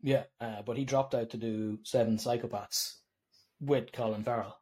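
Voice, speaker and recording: A man's voice: medium pitch, fairly even intonation, a little mellow. An Irish man co-hosting a film podcast, chatting casually, joking and chuckling. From Ireland. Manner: jokey, chuckling, quick agreement. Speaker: podcast co-host. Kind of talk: casual film review chat.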